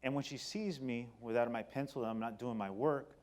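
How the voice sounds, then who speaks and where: A middle-aged man giving a personal storytelling talk on stage, animated, moving between loud excited bursts and quiet low passages. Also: fairly quick. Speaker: company speaker. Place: stage before an audience.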